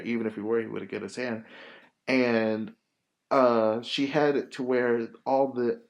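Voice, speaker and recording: A man hosts a casual podcast, telling a movie plot with lots of fillers and cursing. His pitch sits in the middle range for a man. The delivery is loose and animated. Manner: rambling, profane, animated storytelling with many fillers. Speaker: podcast host.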